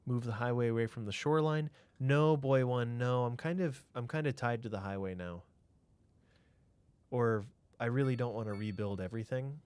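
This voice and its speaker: A man's voice: medium pitch, moderate pace, darkish tone, clean tone. A man streaming a city-building game, thinking aloud in a casual way, answering chat and trailing off into mutters.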